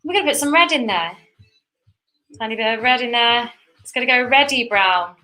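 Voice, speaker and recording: A woman's voice: on the high side, lively intonation, a little fast, sharp tone, rough recording. A young woman giving a chatty, encouraging step-by-step painting lesson for kids while she paints. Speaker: painting instructor.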